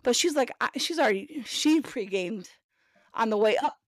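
A woman hosting a podcast, telling a story in a casual, animated way, acting out voices and laughing often. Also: fairly high pitch, moderate pace, no room sound. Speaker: podcast host.

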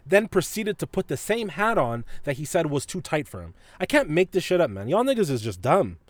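A man's voice: a little high, very animated, a little fast, dry recording. A man hosting a podcast, telling a story in a casual, profane way and laughing often. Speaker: podcast host.

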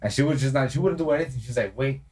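A man's voice: medium pitch, rapid-fire, a little mellow. A young man hosting a podcast, telling stories casually, swearing and acting out quotes. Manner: swearing, storytelling with acted-out quotes. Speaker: podcast host. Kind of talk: casual chat. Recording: distant mic with faint noise.

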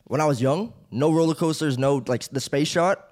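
A man's voice: fairly high pitch, moderate pace, darkish tone. A man co-hosting a podcast who chats casually, rambling and laughing as he talks. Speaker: podcast co-host. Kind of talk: casual chat.

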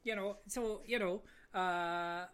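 A man's voice: sits high, steady tone, slow, a bit bright, clean tone. A man from New York co-hosting a casual chat, hesitant and self-deprecating, with many fillers. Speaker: podcast co-host.

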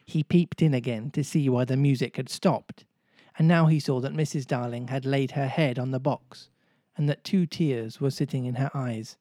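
A man reading a storybook aloud in a playful, warm-humored way. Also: medium pitch, steady tone, moderate pace, dry recording, studio quality. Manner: playful, jokes and laughs with listeners. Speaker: storybook reader. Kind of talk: storybook narration read aloud.

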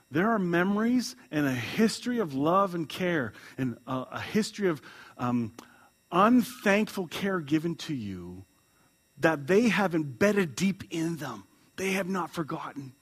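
A pastor delivers a sermon, reading a story aloud while chuckling and shifting between loud and quiet lines. His voice is husky and sits fairly high.

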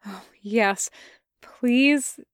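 A woman's voice: a little high, clean tone, dry recording, studio quality. A woman voicing a stammering shy teen boy. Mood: nervous. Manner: stammering, nervous, rushed.

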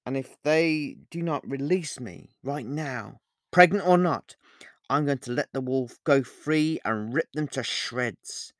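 A man's voice: mid-range voice, measured pace, few pauses, no room sound, studio quality. A man reading his novel aloud. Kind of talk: first-person audiobook narration.

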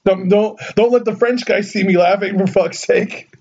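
A young Southern California man tells a story in casual chat, animated, laughing often and saying "like" a lot. His voice sits high at normal speed, and the recording is muffled.

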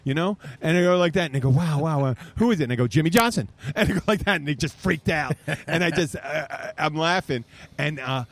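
A man's voice: a little high, brisk, vocal fry, few pauses, fairly bright tone. A man hosting a podcast from an outdoor bar stage, telling rambling, profane stories in casual chat. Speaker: podcast host.

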